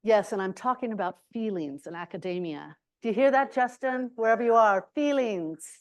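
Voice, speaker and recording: A woman giving a reflective, expressive talk at a university forum, telling her stories with lively emphasis and occasional exclamations. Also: mid-range voice, normal speed. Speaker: guest speaker.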